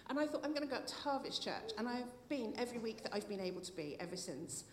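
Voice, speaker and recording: This middle-aged woman talks fast, with a fairly high pitch and lively intonation, as she offers a heartfelt testimony at church. At moments she nearly cries, and she laughs softly here and there. The recording carries the echo of a hall and a little faint noise.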